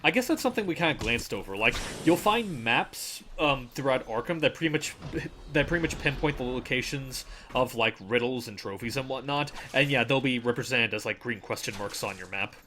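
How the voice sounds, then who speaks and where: Man, casual gaming commentary, lively pitch, bright tone, faint background hiss. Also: brisk, hardly any pauses. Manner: chatty, explains game details with fillers. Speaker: let's play commentator.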